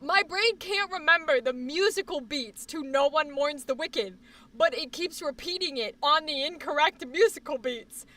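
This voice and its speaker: High, bright-voiced rambling woman streamer. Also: normal speed, recorded from a distance. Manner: rambling, profane, animated with sudden outbursts. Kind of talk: casual live-stream chat.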